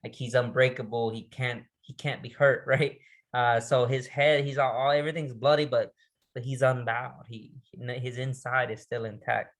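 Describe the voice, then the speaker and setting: A man at a middle pitch giving a recorded resilience training lesson. He speaks in a loose, conversational way, stumbling over and restarting words, and keeps turning questions back to the listener. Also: little pitch movement. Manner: conversational, restarts words, reads poetry slowly and dramatically.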